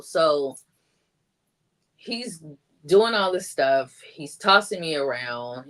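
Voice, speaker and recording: A woman's voice: low-pitched, a bit bright. Woman telling a personal story. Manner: chatty, acts out quoted lines in a raised voice; heavy use of "like" fillers. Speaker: guest sharing her story.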